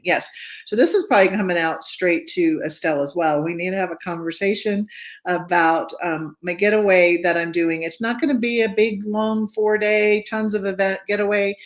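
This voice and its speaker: A woman hosting a virtual book club on a video call, chatty and now and then tongue-tied. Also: lowish voice. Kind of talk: casual video-call chat.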